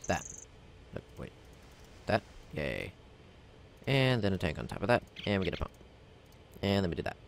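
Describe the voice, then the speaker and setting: A man's voice: low voice, sing-song, moderate pace, vocal fry, long pauses, slight background noise. A man giving casual gameplay commentary, rambling and self-mocking as he talks himself through crafting. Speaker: let's play gamer.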